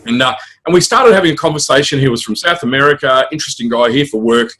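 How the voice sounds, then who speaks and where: A middle-aged Australian man talks at a rapid clip, his voice a little husky and rough. He rambles through his stories with plenty of fillers and restarts, a guest in a relaxed interview chat. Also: medium pitch. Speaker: author and guest.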